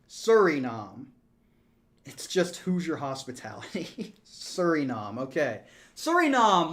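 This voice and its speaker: In a relaxed live stream, a man plays a strategy game, trades jokes with chat, laughs frequently, and counts aloud. His voice is high and fairly bright.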